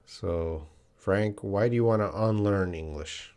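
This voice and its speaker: A man's voice: lowish voice, a little slow, darkish tone, clean tone. A man, teaching English on a live stream, chatting casually and often restarting his sentences. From Canada. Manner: casual, restarts often, reads viewer comments aloud.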